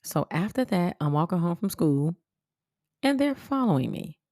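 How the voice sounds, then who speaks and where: A woman podcast host telling a personal story in a blunt, profane, animated way. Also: lowish voice, moderate pace, no echo, studio quality. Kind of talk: casual storytelling monologue.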